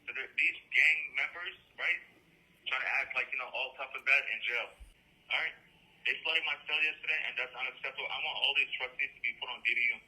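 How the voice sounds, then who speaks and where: A man's voice: mid-range voice, sharp tone. A man calling from jail on a phone line, agitated and insistent, repeating himself as he lays out a complaint. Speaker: incarcerated caller.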